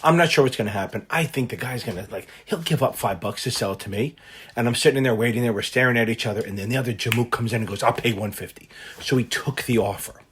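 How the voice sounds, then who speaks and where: A man tutoring for a finance exam, explaining concepts through an animated, loosely told personal story with the odd swear word. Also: mid-range voice, fast talker, a little hiss or hum. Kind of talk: casual lesson told through a personal anecdote.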